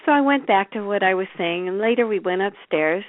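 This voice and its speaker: A woman's voice: medium pitch, animated, fairly quick, dry recording. A woman telling stories as a guest in a radio interview, chatty and anecdotal. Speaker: intuitive reader, guest. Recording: dry, tinny phone line.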